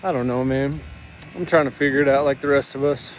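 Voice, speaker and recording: A man's voice: medium pitch, fairly even intonation, fairly quick. Guy vlogging outside, raw and emotional, swears a lot, says um and you know, bit of faint background noise. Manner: candid, heartfelt, swears freely, many fillers. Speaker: vlogger sharing his recovery. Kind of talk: emotional personal vlog. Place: outdoors in sun and breeze.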